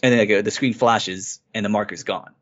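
A male podcast co-host speaks fairly quickly in a fairly low, steady voice with a fairly bright tone. Chatting casually about a game for a review, he eagerly retells its story in a rambling way, captured on a dull lo-fi recording.

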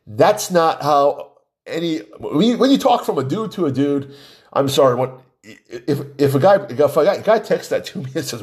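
Male commentator, fairly high voice that swings widely, mocking and chuckling through opinionated news talk. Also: unhurried. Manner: animated, laughs often, mocking.

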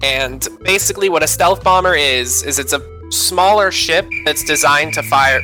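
A man's voice: on the high side, normal speed, over music, low-quality recording. A man from the American South telling a gaming story on a casual podcast, with frequent fillers. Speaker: podcast co-host.

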